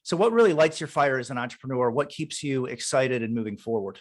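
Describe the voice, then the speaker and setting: A man's voice: mid-range voice, animated, a little fast. Enthusiastic male podcast host. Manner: enthusiastic, encouraging, laughs often. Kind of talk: casual interview.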